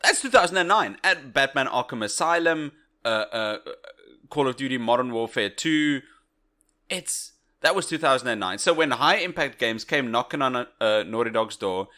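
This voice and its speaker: A man co-hosting a podcast in relaxed, joking conversation. His voice is bright and forward, and his pitch rises and falls in a very animated way. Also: normal speed. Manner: lively and bright, jokey. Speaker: podcast co-host. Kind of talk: casual chat.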